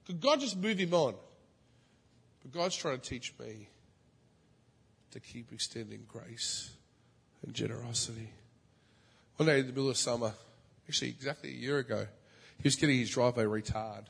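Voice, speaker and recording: A male preacher tells a story from the pulpit in an animated way, with his voice jumping up loud and high before falling back to a soft murmur. His voice carries the long, ringing reverb of a large church hall. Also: normal speed, creaky, long pauses, slightly rough. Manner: animated, swings from loud high exclamations to soft low asides. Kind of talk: storytelling sermon.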